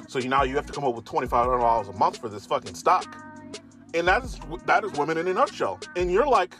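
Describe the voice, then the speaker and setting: A young man giving a profane, emphatic ranting monologue, his voice jumping up in pitch when he gets worked up. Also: a bit bright. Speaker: commentator.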